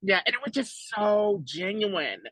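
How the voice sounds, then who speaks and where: A woman in an effusive, emotional chat, her tone bright and ringing and her words tumbling out close to tears. She jumps way up in pitch whenever she quotes someone else. The sound is dry, with no room around her. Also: sing-song, a little slow, dry recording, rough recording. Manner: effusive, tearful at times, big pitch leaps when quoting others. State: near tears. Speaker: podcast guest.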